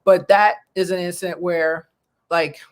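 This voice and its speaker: A middle-aged woman from the New York area hosting a talk show, telling stories in a lively, animated way. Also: lowish voice, unhurried. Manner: animated storyteller who acts out quoted voices. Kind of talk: casual chat, storytelling.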